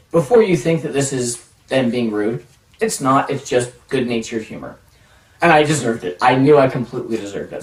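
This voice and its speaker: A man telling a self-mocking personal story in a casual, animated way, acting out the dialogue. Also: a little high. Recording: roomy echo, distant mic.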